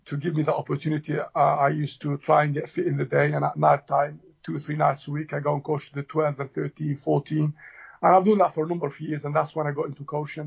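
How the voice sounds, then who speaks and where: A middle-aged football manager from Tunisia, talking in a relaxed interview with many fillers and restarts. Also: male voice, on the high side, gravelly, husky. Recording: dull lo-fi audio.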